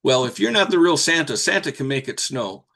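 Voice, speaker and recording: A man's voice: medium pitch, lively intonation, brisk, vocal fry, sharp tone. A man voicing an exasperated six-year-old girl who demands proof from Santa. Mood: challenging. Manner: insistent, demanding.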